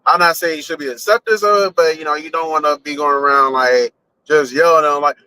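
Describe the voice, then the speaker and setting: A man's voice: on the high side, steady tone, fast talker, sharp tone, clean tone, no room sound, rough recording. A man chatting loosely on a live stream while driving, rambling and swearing casually as he thinks aloud. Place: in a car on a highway.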